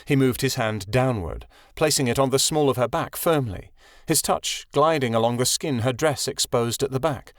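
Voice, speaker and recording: A man narrating a fantasy audiobook in an expressive storytelling read. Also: mid-range voice, moderate pace, no room sound, clean studio sound.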